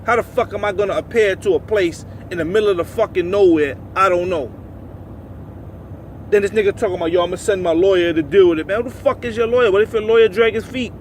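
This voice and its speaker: An angry truck driver, a man, fires off a profane rant outdoors beside his rig. His voice sits high for a man and keeps climbing as he gets worked up. Faint traffic and outdoor noise hang behind him. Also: fast talker. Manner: profane, agitated, rising to shouts. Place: outdoors by a truck at a loading yard. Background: faint vehicle and outdoor noise.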